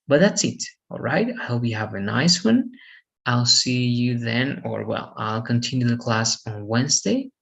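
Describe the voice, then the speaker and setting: A male English teacher closes his class in a relaxed way, checking in with the students again and again. His voice is gravelly and a bit husky, at an ordinary pitch. Spanish is his first language. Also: measured pace. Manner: relaxed, repeats "again" and "all right" checks. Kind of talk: closing a recorded online class.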